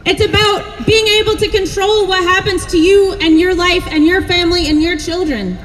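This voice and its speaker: High-voiced woman rallying a protest. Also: big-room sound. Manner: rapid, emphatic, repeats phrases. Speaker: protest speaker. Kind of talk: rally speech and chant leading. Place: outdoor street protest. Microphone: handheld camera at distance.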